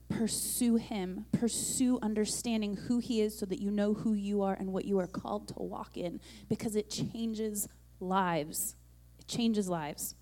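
A woman church leader giving energetic, encouraging announcements to the congregation. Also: mid-range voice.

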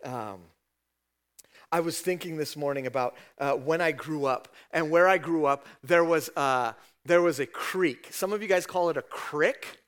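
A man's voice: on the high side, moderate pace, a bit bright, clean tone. A middle-aged man, a pastor, preaching a sermon in a conversational storytelling way, often tagging "right?" onto his sentences.

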